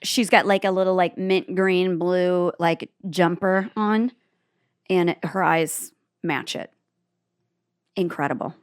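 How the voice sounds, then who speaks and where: A woman's voice: on the low side, fairly even intonation, takes it slowly, clean tone. A woman in her forties co-hosting a podcast, chatting casually in a playful, teasing way. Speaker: podcast co-host.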